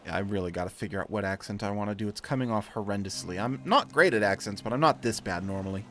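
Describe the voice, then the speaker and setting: A man's voice: lowish voice, fast talker, a bit bright, slight background noise. A man giving casual let's play commentary with self-mocking, wry asides. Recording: faint game music behind.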